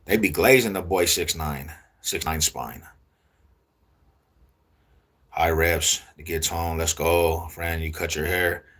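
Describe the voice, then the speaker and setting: Young guy rambling to his viewers in street slang, husky lowish voice, says stuff twice. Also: a bit bright. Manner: slangy, repeats himself, drawn-out loose delivery. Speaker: vlogger talking to viewers. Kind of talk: casual street talk to camera.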